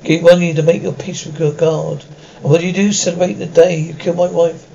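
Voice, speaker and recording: A man's voice: fairly high pitch, little pitch movement, a little fast, vocal fry, warm tone, lo-fi sound, a little hiss or hum. A man voicing a vengeful ancient vampire lord who gives cold, menacing commands. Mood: commanding.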